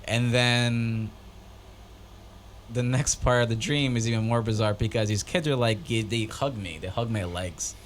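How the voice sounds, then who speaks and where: Animated man telling a story. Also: medium pitch, unhurried, a little hiss or hum. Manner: animated storyteller, acts out dream dialogue in raised voices. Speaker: podcast co-host. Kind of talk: casual podcast chat.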